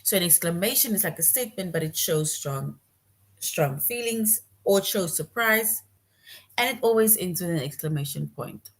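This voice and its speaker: A woman's voice: on the low side, animated, normal speed. A woman teaching a grammar lesson to young children, patient and repeating her points, often checking in with "right?".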